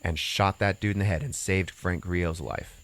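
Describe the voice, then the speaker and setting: A man's low voice stays steady at normal speed, with no room sound at all. As a podcast host he retells a story in a casual chat, drifting into asides and acting out what people said.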